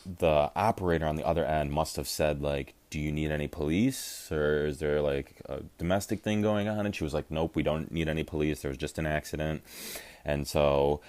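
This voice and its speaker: Very deep-voiced young man telling a story. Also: fairly quick, dry recording. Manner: animated, acts out quotes, lots of fillers and swearing. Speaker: podcast co-host. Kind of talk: casual storytelling.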